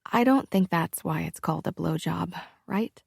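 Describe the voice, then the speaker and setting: A woman's voice: lowish voice, moderate pace, vocal fry, slightly rough, no echo, clean studio sound, full character voice. A woman voicing a shy, nervous young woman. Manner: hesitant and embarrassed.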